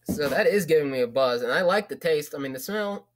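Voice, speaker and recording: A man's voice: a little high, animated, brisk. A young man vlogging in a casual, rambling way, with loose talk and frequent swearing. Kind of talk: casual vlog chat.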